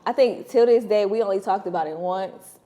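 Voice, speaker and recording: Mellow-voiced woman, slangy and candid. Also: mid-range voice, brisk. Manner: slangy, candid, laughs while telling stories. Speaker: podcast co-host. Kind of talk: casual chat.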